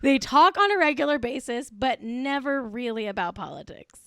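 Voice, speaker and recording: A tipsy woman hosts a celebrity gossip podcast, giggling, swearing, and being gleefully catty in casual chat. Her voice sits high with lively intonation, a sharp yet smooth tone, and a moderate pace. The recording is dry and studio quality.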